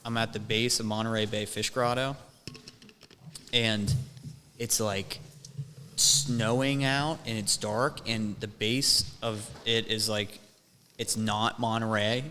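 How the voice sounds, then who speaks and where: Bright-voiced man with hall echo. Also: on the low side, fairly even intonation, takes it slowly, a little hiss or hum. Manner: rambling storyteller, swears a lot, many restarts. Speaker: podcast host. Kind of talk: casual chat. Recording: long hall reverb.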